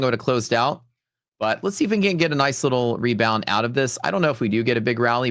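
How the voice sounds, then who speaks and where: A man's voice: medium pitch, no echo, clean studio sound. A man hosting a live trading stream, telling rambling stories in a casual, chatty way with lots of "like" and "dude". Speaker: livestream host and futures trader.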